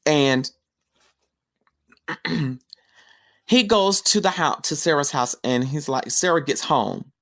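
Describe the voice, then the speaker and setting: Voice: medium pitch, lively intonation, takes it slowly, long pauses, a bit bright. A podcast host giving a casual, chatty film review recap, telling the story with slangy asides.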